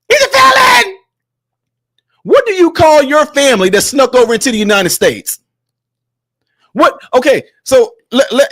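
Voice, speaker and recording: A man's voice: on the high side, dry recording, clean studio sound. A man hosting a commentary vlog, combative and mocking, speaking straight to his viewers. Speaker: host.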